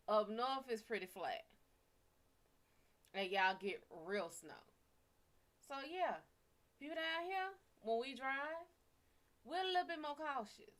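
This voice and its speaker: A woman's voice: a little high, lively intonation, unhurried, fairly bright tone. Sassy woman chatting on stream. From American South. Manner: sassy, profane, chatty with viewers. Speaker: live stream psychic reader. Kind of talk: casual live-stream chat.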